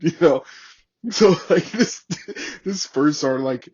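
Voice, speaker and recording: Animated, profane ex-Marine storyteller, slightly husky. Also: male voice, fairly high pitch, normal speed, lo-fi sound. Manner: animated, profane, laughing, acts out voices in stories. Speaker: podcast guest, former Marine. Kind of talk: casual storytelling.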